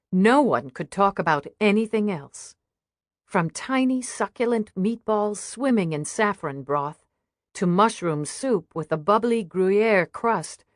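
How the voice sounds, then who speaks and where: A woman narrating an audiobook in a steady, even reading. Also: lowish voice, dry recording, studio quality. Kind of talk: scripted narration.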